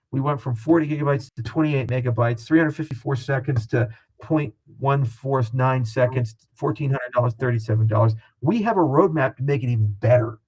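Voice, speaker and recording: A man with a gravelly, rough-edged voice and a breathy, husky tone. He talks as a guest in a casual interview, animated and excitable, dropping profanity freely. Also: mid-range voice, poor audio.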